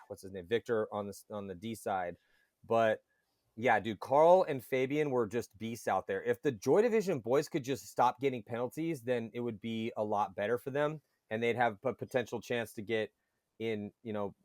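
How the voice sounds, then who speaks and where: A man chatting casually on a podcast, telling lively stories and swearing casually. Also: mid-range voice, dry recording, studio quality. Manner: animated storyteller, swears casually. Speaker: paintball commentator guest.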